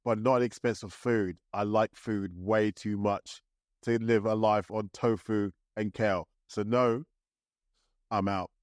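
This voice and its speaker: A man's voice: fairly low pitch, steady tone, measured pace, dry recording, studio quality. A man co-hosting a podcast in casual chat, easygoing and agreeable. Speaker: podcast co-host.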